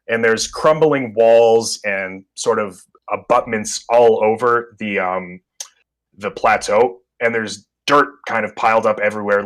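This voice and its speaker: A man's voice: fairly low pitch, a bit bright. A man narrating a tabletop horror game as game master, describing scenes with many ums and uhs.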